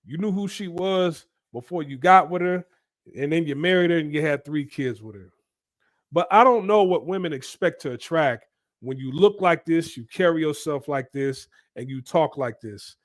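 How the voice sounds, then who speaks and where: A man's voice: fairly high pitch, normal speed, no echo. Preachy man with a dry voice. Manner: emphatic and preachy, keeps asking "right?". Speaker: commentary channel host. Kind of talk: opinion commentary monologue.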